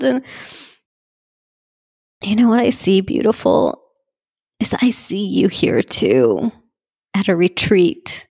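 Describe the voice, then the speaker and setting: A woman's voice: medium pitch, sing-song, slow, creaky, long pauses, darkish tone, husky. A woman speaking in a personal vlog, gushing and heartfelt, emotional and close to tears. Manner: gushing, heartfelt, tearful at times. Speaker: vlogger speaking to her community.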